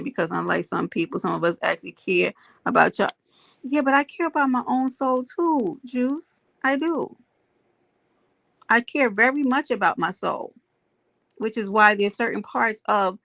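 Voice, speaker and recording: A woman's voice: medium pitch, normal speed, vocal fry, fairly bright tone, dry recording. A woman hosting a casual livestream, greeting viewers by name and making emphatic points to her chat. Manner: emphatic, preachy asides. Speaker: livestream host.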